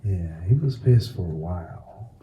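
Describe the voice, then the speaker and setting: A man's voice: deep voice, expressive, unhurried, warm tone, slight background noise. A man co-hosting a podcast, telling a story in profane, casual chat with laughs. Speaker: podcast co-host.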